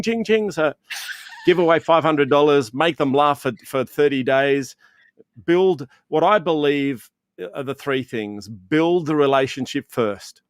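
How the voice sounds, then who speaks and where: A man, a guest telling stories in a lively, clowning way on a video call. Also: medium pitch, clean tone, no echo, studio quality. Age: 50s. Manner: animated, self-described clown, laughs often. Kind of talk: casual storytelling chat.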